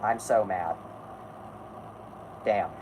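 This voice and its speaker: A man's voice: fairly low pitch, drawn-out words, noisy background. A man hosting a casual live stream who halts, rambles and restarts his sentences while he talks to his chat and co-hosts. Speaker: podcast host.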